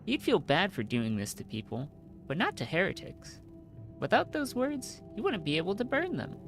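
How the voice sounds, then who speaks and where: A man reading the dialogue of an earnest adventurer hero, raising his voice higher and speaking softly as he pleads. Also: huge pitch swings, moderate pace, music in the background, exaggerated voice.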